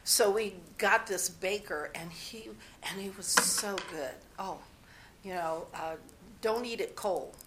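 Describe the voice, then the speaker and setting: A woman's voice: medium pitch, slow, heavy background noise. A woman being interviewed, telling personal stories in a rambling, candid way and often restarting her sentences. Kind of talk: personal storytelling.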